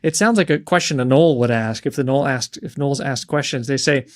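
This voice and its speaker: A man's voice: mid-range voice, a little fast. A man co-hosting a book podcast, talking through a story in a thoughtful way and sometimes searching for words. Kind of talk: casual book discussion.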